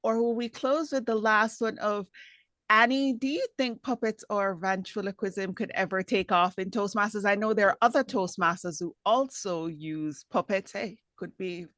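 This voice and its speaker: A woman moderating a club Q&A on a video call, asking questions in a brisk, direct way. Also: medium pitch, a bit bright, no room sound.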